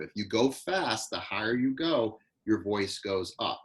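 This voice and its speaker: A man acting coach leading a live online class, giving quick, directive notes over a video call. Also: on the low side, animated, rough recording.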